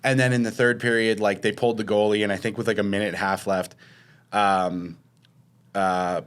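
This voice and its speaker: A man's voice: lowish voice, little pitch movement, fairly quick, a bit bright, clean tone. A young man co-hosting a podcast, telling a long rambling story in casual chat and acting out what others said. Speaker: podcast co-host.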